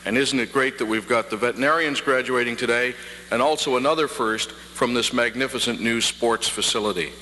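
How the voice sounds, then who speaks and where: A middle-aged man from Prince Edward Island giving a formal convocation address at a podium, with measured pacing and dry humor. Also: fairly low pitch, bright, forceful tone. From Prince Edward Island, Canada. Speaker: convocation speaker. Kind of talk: formal ceremonial address with jokes. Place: large hall. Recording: reverberant hall, faint hum, 1990 archive.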